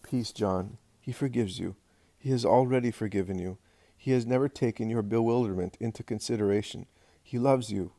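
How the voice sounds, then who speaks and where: A man voicing a grieving middle-aged mother who speaks softly and haltingly, gentle and steadfast. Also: medium pitch, dry recording, natural voice. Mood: tender, hushed. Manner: soft, hushed, halting between short sentences.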